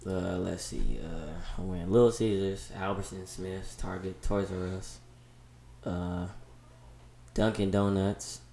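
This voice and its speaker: A man's voice: low voice, fairly even intonation, slow, gravelly, warm tone, reverberant. A teenage boy in casual chat, telling stories in a laid-back way. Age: teen.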